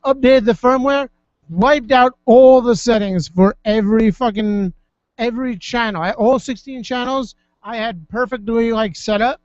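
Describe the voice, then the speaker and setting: Male co-host with a high voice, rambling and sweary, on dull, lo-fi audio. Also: fairly even intonation, moderate pace, dry recording. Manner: rambling, profane, filler-heavy. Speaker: podcast co-host. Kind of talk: casual chat. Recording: dull, lo-fi dry studio audio.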